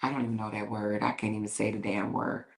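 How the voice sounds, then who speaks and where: A woman's voice: a bass voice, level tone, fast talker, creaky. A woman hosting a livestream, reading comments aloud in a blunt, sassy, profane way and laughing often.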